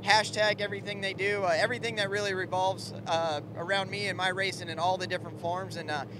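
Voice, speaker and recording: A man's voice: sits high, level tone, quick pace. A man, a race driver, answering interview questions in an easygoing way with many fillers. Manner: easygoing, lots of "uh" and "you know". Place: outdoor race garage. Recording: noisy garage ambience.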